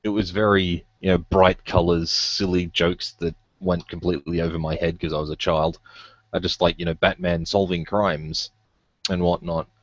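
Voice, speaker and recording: A young man with a very low voice, co-hosting a casual podcast chat. He sounds tired and easygoing, asking questions at a laid-back pace. The recording is dry and a little muffled. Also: normal speed, dry recording. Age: young adult. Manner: relaxed, asks questions, tired. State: tired, yawning. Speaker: podcast co-host. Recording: dry, dull lo-fi podcast audio.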